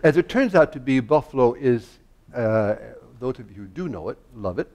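An older man from the United States spins stories on a public stage with a mid-range voice. He talks in an animated way, laughs often and keeps tripping over his own restarts. Each answer sounds like a guest warming up before an audience. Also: mid-range voice, moderate pace. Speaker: guest conductor and harpsichordist. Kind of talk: anecdotal stage conversation.

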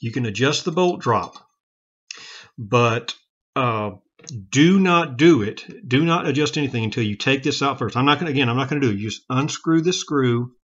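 A man's voice: mid-range voice, a bit bright. Guy walking through a gun teardown, plain talk, lots of restarts, kinda dull lo-fi audio, clicking parts. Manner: plain-spoken, halting, frequent restarts and self-corrections. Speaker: gun hobbyist demonstrating revolver repair. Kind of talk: casual how-to demonstration.

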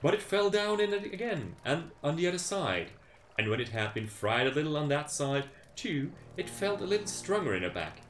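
A young man reading a folk tale aloud on a stream, with playful, sarcastic asides. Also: fairly high pitch. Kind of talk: casual storytime read-aloud with joking asides. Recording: roomy echo with faint ambience.

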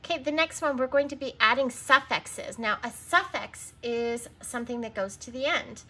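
A woman teaching young children to read in a recorded lesson. Her voice is bright and a little high, and she takes her time, sounding words out and spelling them letter by letter. She patiently prompts her listeners to stop and answer. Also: moderate pace.

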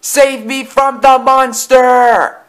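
A man voicing a small, frightened young male tank engine in a storybook reading, with high, jumpy, panicky cries. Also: animated, a little fast, fairly bright tone. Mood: panicked. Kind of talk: storybook character voice.

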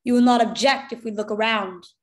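A woman's voice: on the high side, steady tone, normal speed, lightly acted. A woman reading aloud, voicing a harsh adult male officer who barks cold, demanding orders.

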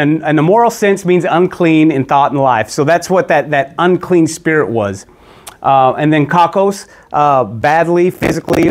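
A man gives a relaxed Bible teaching with a slightly higher-than-usual voice. He talks conversationally, stumbling and repeating words as he goes. His lines often break off and start again.

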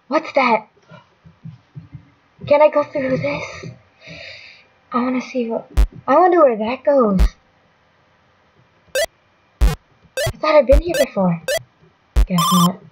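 Her voice sits fairly high as she comments on her own gameplay for her gaming channel, mumbling, teasing herself and yelping now and then. Background noise and loud electronic game music fill the let's-play clip.

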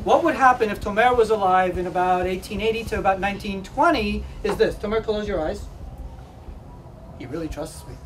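A man's voice: high-pitched, fairly quick, fairly bright tone, recorded from a distance, a little hiss or hum. A man running a playful, teasing demonstration for a class of children, joking and laughing often. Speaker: museum presenter. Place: school room with children.

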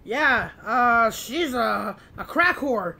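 A man's voice: very high voice, expressive, takes it slowly, vocal fry, bright, forceful tone, exaggerated voice. A man putting on the voice of a cheerfully clueless friend who talks in a breezy, unbothered way.

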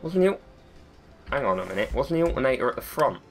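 Brief: male gaming host with a cold, casual, sweary, self-mocking play-by-play, mid pitch. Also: big pitch swings, fast talker, faint music behind. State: has a cold. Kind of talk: let's-play commentary.

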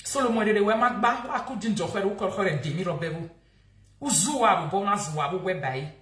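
A woman's voice: medium pitch, animated, a little fast, a bit bright, roomy sound. A woman with a Nigerian accent, scolding and insulting someone in a heated live-video rant. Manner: angry, insulting, repetitive scolding. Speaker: social media vlogger.

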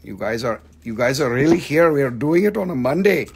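A man with an expressive, mid-range voice talks a little fast over a faint hiss or hum. He's hosting a live online rock and mineral sale, casually joking, swearing and singing snatches of songs while showing pieces and prices.

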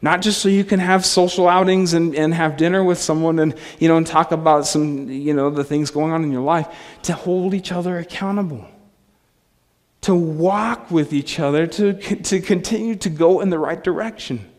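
A man's voice: fairly high pitch, steady tone, moderate pace. A man in his thirties, a pastor preaching a sermon in a conversational, self-deprecating way with frequent asides. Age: 30s. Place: church sanctuary. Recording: long hall reverb.

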